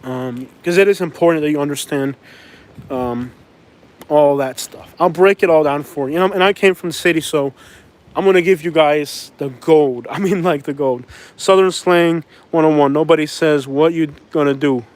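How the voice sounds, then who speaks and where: A man from Florida with a Florida accent rambles through a casual live stream while walking outside at night. His voice sits a touch high, and he laughs often as he chats along. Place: outdoors at night in a small town.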